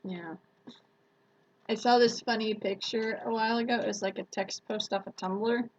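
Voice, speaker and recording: A woman's voice: fairly high pitch, fairly even intonation, normal speed, muffled recording. A woman YouTuber chatting casually on a live stream who laughs often and retells stories with acted-out quotes.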